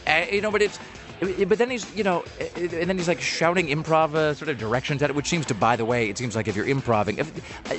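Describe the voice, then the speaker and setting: A man casually telling a long story on a podcast, rambling with lots of fillers and restarts. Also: on the high side.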